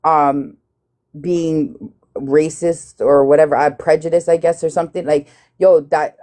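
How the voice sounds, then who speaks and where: A woman's voice: deep voice, fairly even intonation, unhurried, warm tone. A woman in her thirties hosting a live stream, talking bluntly and profanely as she retells a dispute. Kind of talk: heated casual live chat.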